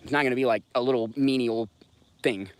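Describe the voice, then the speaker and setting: This livestream host, a man in his thirties with a Southern US accent, speaks briskly in a smooth, mid-range voice with fairly even intonation. His casual rant is blunt, rambling, and profane, directed straight at the chat.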